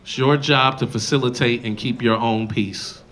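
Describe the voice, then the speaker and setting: A male comedian performing a loud, animated stand-up set on a club stage, slipping into mocking voices, with the audience laughing. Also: mid-range voice, normal speed. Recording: live club recording, crowd laughter. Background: crowd laughter.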